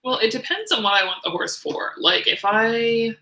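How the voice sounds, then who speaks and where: A woman's voice: on the high side, lively intonation, moderate pace, bright, forceful tone. A woman co-hosting a casual live-stream chat, hesitant and trailing off with ums. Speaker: co-host of a tack-cleaning chat stream. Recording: echoey room.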